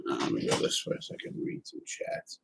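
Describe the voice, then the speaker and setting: A man hosting a casual live stream, reading viewer chats aloud and talking loosely, swearing and repeating words in quick bursts. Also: a bit bright.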